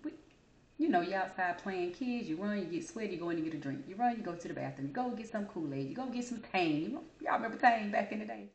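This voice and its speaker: A woman chatting straight to her viewers, telling a story with big swings in her voice and a high squeal when she quotes herself. Her easy vernacular and y'all give it a homey feel, and the room adds a clear echo. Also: fast. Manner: animated, high squeaky voice for quoted childhood self; Southern-style American vernacular, addresses audience as y'all. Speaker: host.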